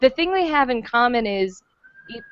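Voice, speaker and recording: A woman's voice: a little high, lively intonation, moderate pace, clear, resonant tone, dry recording. A woman co-hosting a film podcast, chatting casually in a playful, wry way. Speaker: podcast co-host, film critic. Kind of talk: casual chat. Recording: dry, muffled lo-fi podcast audio.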